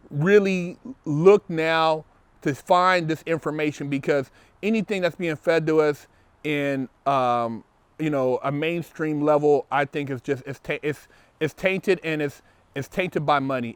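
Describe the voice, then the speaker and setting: A man's voice: on the high side, smooth, no room sound. A man hosting a show, answering viewer comments in an emphatic, opinionated monologue, repeating words when fired up. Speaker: show host. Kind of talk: casual monologue responding to comments.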